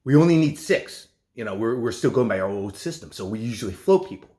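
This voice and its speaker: A middle-aged man, a nurse, talking in a casual vlog from his home kitchen, rambling and halting with many restarts. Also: mid-range voice, lively intonation, dark tone.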